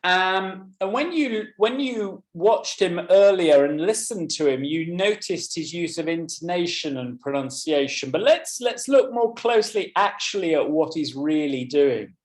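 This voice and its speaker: A man's voice: high-pitched, expressive, measured pace, hardly any pauses. Man explaining in an echoey room. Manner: explanatory, addresses attendees by name. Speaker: teacher trainer presenting a webinar. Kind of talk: webinar lecture.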